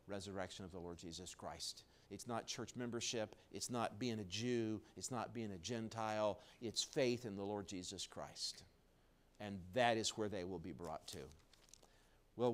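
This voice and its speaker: A male pastor delivering a live sermon in a church, dropping low and quiet, then building to loud emphatic peaks. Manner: preaching with wide swings in loudness, low and quiet then rising strongly. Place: church sanctuary, recorded live.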